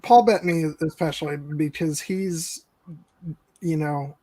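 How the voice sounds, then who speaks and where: A man's voice: a little high, unhurried, mellow, dry recording. A man in a casual fan discussion who talks in a hesitant, thoughtful way. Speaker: podcast panelist.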